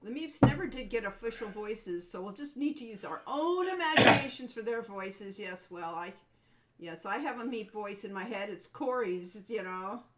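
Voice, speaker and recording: A woman co-hosting a casual developers' livestream. Her voice sits at an ordinary middle pitch. She chats in a friendly way and wanders from one memory to the next. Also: expressive, moderate pace, very noisy. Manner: chatty, reminiscing, meandering. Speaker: co-host of a game developers' stream.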